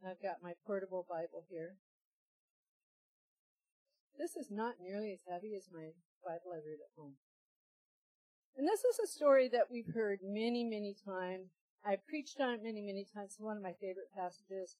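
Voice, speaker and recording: A woman preacher telling a healing story and reading scripture, acting out the dialogue with lively storytelling. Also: mid-range voice, normal speed, long pauses, no echo, rough recording. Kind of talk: sermon with testimony and scripture reading.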